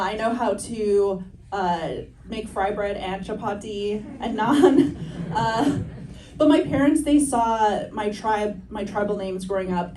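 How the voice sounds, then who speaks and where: A woman's voice: medium pitch, roomy sound, a little hiss or hum. Chatty woman comic laughing through jokes. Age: 30s. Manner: chatty, self-deprecating, laughs through her lines. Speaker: stand-up comedian. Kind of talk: stand-up comedy set. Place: comedy show stage on a campus, indoors. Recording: distant stage mic with loud audience laughter. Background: audience laughing.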